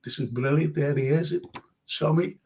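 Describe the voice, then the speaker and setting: A man hosting a live fan show in casual chat, talking warmly with guests, laughing often and reading viewer comments aloud. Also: on the high side, moderate pace. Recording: muffled lo-fi live-stream audio.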